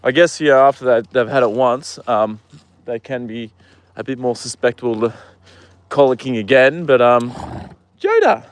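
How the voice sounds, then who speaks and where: A man's voice: medium pitch, steady tone, moderate pace, smooth. Laid-back man chatting on a live stream. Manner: chatty, rambling, answers viewer comments, swears freely. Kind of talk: casual live stream chat. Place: outdoors at a horse paddock.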